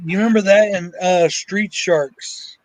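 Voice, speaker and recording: A man's voice: sits high, a little slow, no echo, rough recording. A man, talking bluntly and cursing freely in casual chat. His sound is dry and close. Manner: blunt, swears a lot, tells stories. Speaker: co-host.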